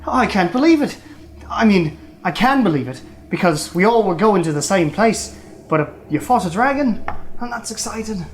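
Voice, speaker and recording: A woman doing a flustered male prisoner in a tabletop game, pitched well above her usual voice and loud. He babbles in a breathless rush. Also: a little hiss or hum, natural voice. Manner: rushed, babbling.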